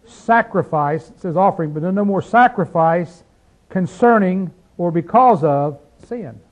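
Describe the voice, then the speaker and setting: A man teaching a Bible study like a sermon, fervent, firing rhetorical questions and dropping from loud to hushed. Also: sits high, animated, unhurried, muffled recording.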